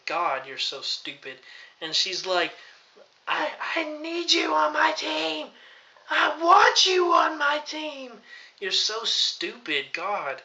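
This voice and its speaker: A man's voice: a little high, pushed and bright. A man recapping a wrestling show in an exasperated, rambling rant full of fillers. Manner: exasperated ranting, filler-heavy. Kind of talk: ranting recap vlog. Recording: dull lo-fi recording.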